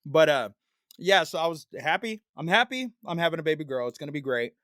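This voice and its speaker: A man's voice: on the high side, expressive, a little fast, fairly bright tone, dry recording, studio quality. A man in his thirties co-hosting a podcast, chatting bluntly with lots of swearing and a self-mocking tone. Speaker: podcast co-host. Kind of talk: casual chat.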